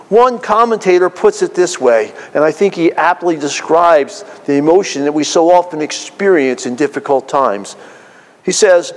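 A man preaching a sermon from the pulpit, earnest and deliberate, drawing out emphatic phrases. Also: high-pitched. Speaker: pastor. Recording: long hall reverb.

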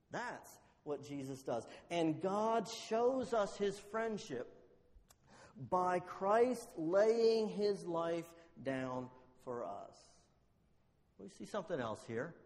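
A fairly high-voiced man preaching in a church hall. He tells a story and keeps asking the congregation rhetorical questions, stretching out the words he wants to land. His voice rings with a long reverb around the room. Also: darkish tone. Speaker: pastor. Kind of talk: sermon.

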